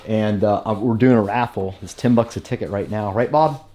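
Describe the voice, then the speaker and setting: A vlogger shows off his home welding shop, talking casually and rambling with plenty of fillers and restarts. His voice is fairly low with a dark tone, and he speaks a little fast.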